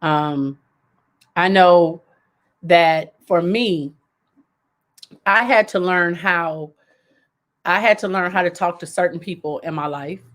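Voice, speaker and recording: A woman's voice: on the low side, slow, pauses often, a bit bright. A woman hosting a live advice show, coaching viewers in a casual way, repeating her key points and laughing as she reads their comments.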